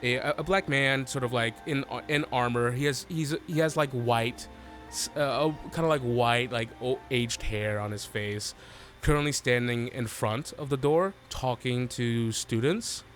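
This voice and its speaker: A man narrating a tabletop game as its game master, his voice in a middle pitch. He talks haltingly, full of fillers and restarts. Faint music plays behind him. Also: a bit bright. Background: faint background music.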